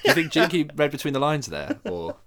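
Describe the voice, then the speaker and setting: A man's voice: on the high side, sing-song, fairly quick, fairly bright tone. A young man co-hosting a podcast, telling stories with lots of laughter and swearing. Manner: laughing storyteller, swears freely, jumps into voices. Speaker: podcast co-host. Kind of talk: casual chat.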